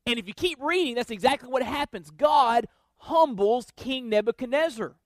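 High-voiced preacher, dry close sound. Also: male voice, expressive, moderate pace, no room sound. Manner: emphatic preaching with repeated refrains. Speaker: pastor. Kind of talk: sermon.

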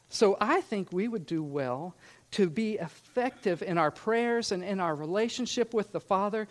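A man who grew up in Scotland, preaching a sermon in an earnest, emphatic way and asking the listeners rhetorical questions. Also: high voice. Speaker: pastor.

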